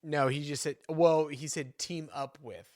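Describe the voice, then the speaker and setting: A man co-hosting a podcast in casual chat, relaxed and teasing. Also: fairly high pitch, unhurried, no room sound, clean studio sound. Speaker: podcast co-host.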